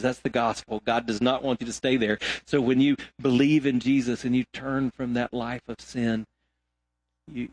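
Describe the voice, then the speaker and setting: A middle-aged man preaching a sermon as pastor, emphatic, swinging between loud exhortation and quiet asides. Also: mid-range voice, no echo.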